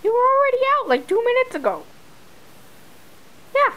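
A woman's voice: extremely high pitch, sing-song, normal speed, fairly bright tone, low-quality recording. A woman filming her dog at home, talking to it in exaggerated sing-song baby talk.

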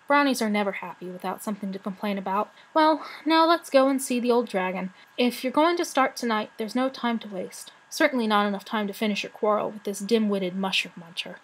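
A woman voicing a sharp-tongued, wry female rat in a storybook reading. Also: medium pitch, a little fast, hardly any pauses, close to an everyday voice, rough recording.

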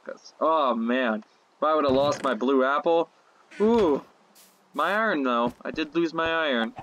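A woman with a low voice that swings a lot, chatting her way through a game. She is excitable and talks to herself, with a slow, unhurried delivery. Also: a little hiss or hum. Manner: excitable, talks to herself, swears, frequent yelps and laughs. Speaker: gameplay commentator. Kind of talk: casual gameplay commentary.

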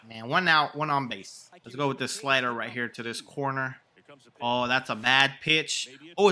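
Excitable young man commenting on gameplay. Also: mid-range voice. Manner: excitable, yelling at big plays. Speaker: gaming channel host.

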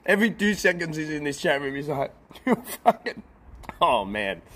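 A man's voice: fairly high pitch, very animated, normal speed, sharp tone, breathy edge. A young man streaming outdoors by a pool, chatting casually with his viewers and often bursting into laughter. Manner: laid-back, talks to chat, bursts into laughter. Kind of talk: casual live-stream chat.

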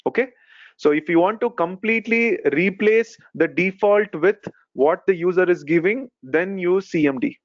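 Male instructor on a video call, patient step-by-step explainer, somewhat high-pitched, muffled lo-fi line. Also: normal speed. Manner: explains step by step, many fillers like "okay" and "right". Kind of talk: live online technical lesson. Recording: dull lo-fi call audio.

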